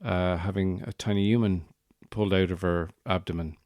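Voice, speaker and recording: A man's voice: sits low, fairly even intonation, normal speed, darkish tone, no room sound, studio quality. An Irish man hosting a podcast, telling a rambling, wry comic story with self-mocking asides. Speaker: podcast host.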